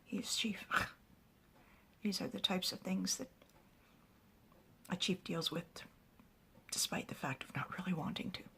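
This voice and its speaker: Woman whispering a story, gravelly. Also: on the low side, measured pace, pauses often. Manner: soft, hushed whisper.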